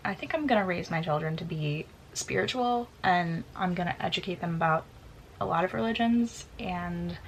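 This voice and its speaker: A woman's voice: fairly low pitch, creaky, a bit bright, slight background noise, poor audio. A woman in her twenties chatting casually through a get-to-know-me question list, giggling often and filling with "like". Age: 20s. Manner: chatty, giggly, many "like" fillers. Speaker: vlogger. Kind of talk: casual Q&A tag video.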